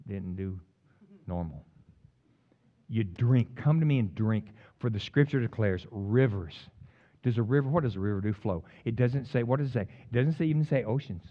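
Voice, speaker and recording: A man preaching a sermon as pastor, jumping between loud emphatic peaks and quiet, joking asides to the congregation. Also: fairly low pitch, phone-quality sound. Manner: humorous, teasing the congregation.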